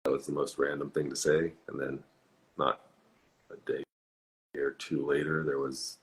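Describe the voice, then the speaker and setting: A man's voice: a bass voice, flat delivery, normal speed, poor audio. A man chatting casually as a podcast guest, easygoing and laughing often. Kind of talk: casual chat.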